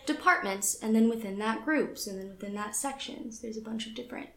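A woman with a slightly high voice talks through a topic in a loose, chatty way, full of "like" and "I don't know," and she breaks off now and then to read passages aloud. Her voice rings in a noticeably echoey room. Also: brisk. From United States. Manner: chatty, filler-heavy, self-deprecating. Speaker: podcast co-host. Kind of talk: casual chat, reading from a website.

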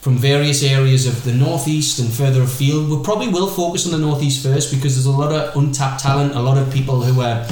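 A young man hosts a casual podcast, quick to tease and laugh. His voice sits at an ordinary pitch. The room is very echoey, with faint noise behind him. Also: darkish tone. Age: 20s. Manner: teasing, laughs often. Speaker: podcast host.

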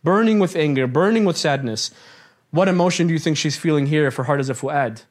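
A man with a fairly high voice gives a lesson to a live class. He talks in a chatty, engaging way, keeps asking the audience questions, and drifts into asides. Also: fairly quick. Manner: chatty with many asides and restarts. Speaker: Islamic teacher.

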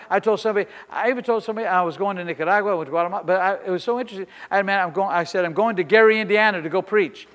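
Middle-aged man, pastor; high-pitched, emphatic sermon delivery, long reverb. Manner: emphatic preaching that swings between soft asides and loud declarations. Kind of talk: sermon with personal stories.

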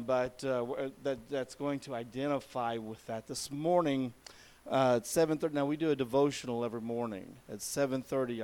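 A man's voice: medium pitch, a little mellow. A middle-aged man preaching a sermon as pastor, folksy and emphatic, often repeating himself.

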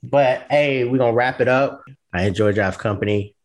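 A man's voice: mid-range voice, normal speed. A man co-hosting a casual podcast, signing off the episode. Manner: brief interjections, wraps up the show. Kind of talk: casual chat.

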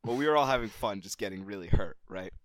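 A man co-hosting a podcast, telling a childhood story in a casual, animated way and swearing freely. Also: fast talker, no echo, studio quality. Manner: animated, gets louder and higher at the story's climax. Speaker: podcast co-host.

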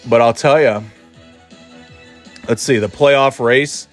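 A man's voice: mid-range voice, slow pace, soft background music. A man hosting a casual solo podcast from home, rambling and offhand, sighing and trailing off between thoughts. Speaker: podcast host.

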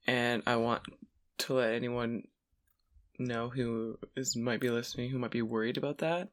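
A man's voice: mid-range voice, fairly even intonation, moderate pace, fairly bright tone. A tired man, awake for twenty hours, co-hosting a podcast in casual chat. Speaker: podcast co-host.

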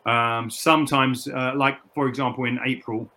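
Middle-aged man from the UK, personal trainer, interview guest; bright, clear tone, reflective and halting. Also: mid-range voice, steady tone. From United Kingdom. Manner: reflective, repeats words and restarts often. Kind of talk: candid interview conversation.

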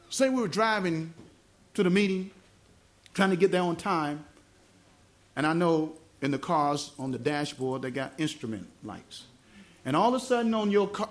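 A Southern US evangelist teaches a small church meeting, his voice sitting high for a man. He keeps checking whether the congregation follows him and spells words out slowly. His pitch rises and falls in wide, animated swings. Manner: asks the congregation questions, explains words slowly. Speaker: gospel evangelist. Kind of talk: teaching sermon.

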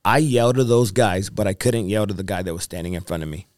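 A male evangelist, appearing as a guest on a podcast interview, shares his testimony earnestly and wanders as he goes, repeating phrases and dropping fillers. His voice is lowish and darkish, moving at a quick pace, captured in a clean studio with no room sound.

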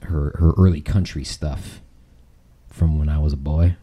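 Deep husky man tossing in quips. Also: fairly even intonation, unhurried, dark tone. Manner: chiming in with short quips and jokes. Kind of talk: casual chat.

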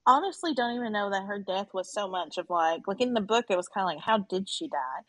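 A woman's voice: mid-range voice, quick pace, fairly bright tone. A woman in a casual book-club chat, reflective and rambling. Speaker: book club podcast co-host.

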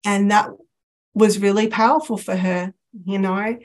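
A woman guest sharing a personal faith story in casual chat, animated and laughing often, acting out the voices she quotes. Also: mid-range voice, measured pace.

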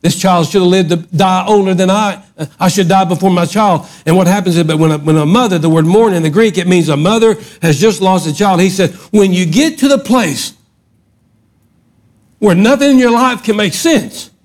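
A middle-aged man preaching a sermon, swinging from loud emphatic outbursts to hushed lines. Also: high voice, a little fast. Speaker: pastor.

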